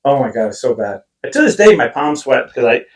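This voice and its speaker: A man co-hosting a casual podcast chat, an animated storyteller who swears, laughs and acts out quotes. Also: mid-range voice, fast talker, husky. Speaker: podcast co-host.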